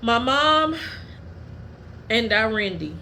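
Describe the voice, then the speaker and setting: A woman hosting her own podcast, telling personal stories in a blunt, profane and heated way, at times dropping low and quiet. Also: expressive, slow pace, vocal fry, a little hiss or hum. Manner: drops low and quiet when telling family matters. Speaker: podcast host. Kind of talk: candid personal storytelling.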